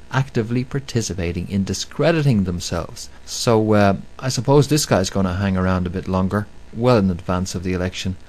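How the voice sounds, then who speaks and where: A man with a very deep voice is talking through a long radio commentary. He stresses his points by repeating them and often pauses on fillers. He keeps the tone of an opinionated show host throughout. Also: darkish tone. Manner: emphatic, repetitive, with many fillers. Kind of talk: monologue commentary.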